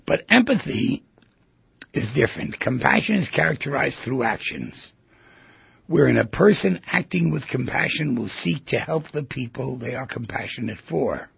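A man's voice: medium pitch, animated, normal speed, vocal fry, husky, no room sound, muffled recording. A man hosting a radio talk show, musing aloud and asking his listeners many rhetorical questions. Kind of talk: reflective monologue on psychology.

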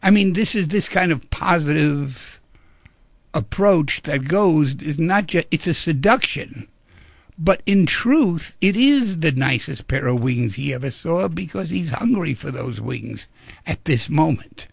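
Radio host guy, gravelly husky voice, dry close mic, animated and playful. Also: fairly high pitch, a little slow, no room sound. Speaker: radio talk show host. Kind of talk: radio call-in talk.

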